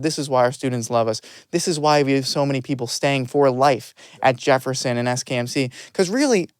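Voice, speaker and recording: A man's voice: medium pitch, no room sound. A young man in his twenties, a medical student hosting a podcast, asking questions eagerly and with enthusiasm. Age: 20s. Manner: eager, enthusiastic, quick to laugh. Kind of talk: casual interview.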